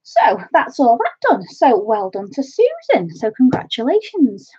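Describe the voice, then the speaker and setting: A woman's voice: on the high side, wildly swooping pitch, measured pace, dark tone, breathy edge, dull audio. A woman from North Wales with a Welsh accent hosts a craft live stream, chatting casually and calling her viewers "my love".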